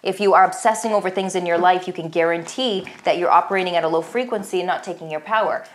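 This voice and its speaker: A woman's voice: lowish voice, quick pace. A woman giving a recorded tarot reading in a motivational style. She is earnest and encouraging, repeats her phrases, and addresses the listener as "beautiful soul.". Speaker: tarot reader.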